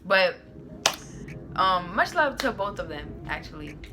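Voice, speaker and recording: A woman's voice: fairly low pitch, sing-song, unhurried, background noise. A young adult woman hosting her own channel, telling a casual storytime in a sassy, slangy way with plenty of "like"s. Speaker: YouTuber host.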